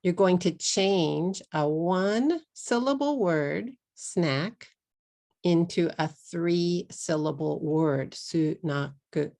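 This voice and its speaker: Slow deliberate Texan woman teacher. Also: fairly low pitch, warm tone. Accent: Texas. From Texas, USA. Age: middle-aged. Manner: slow, deliberate, repeats words for learners. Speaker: English teacher. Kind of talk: pronunciation lesson.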